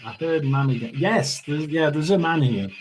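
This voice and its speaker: A man hosting a casual tarot and spirit box reading. He chats and mutters asides, often clearing his throat. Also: on the high side, moderate pace, a little hiss or hum.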